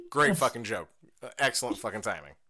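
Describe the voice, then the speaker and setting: A man's voice: medium pitch, pushed and bright. A young man co-hosting a podcast, chatting casually, swearing and joking at his own expense, often breaking into laughter. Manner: laughing, profane, self-mocking. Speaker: podcast co-host. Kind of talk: casual chat.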